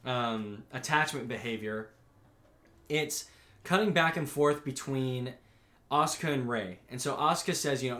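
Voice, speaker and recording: Animated young man recapping an anime. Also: mid-range voice, a little slow, roomy sound. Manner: animated recapping, reads out scene quotes, swears freely. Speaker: podcast co-host. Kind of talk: casual chat.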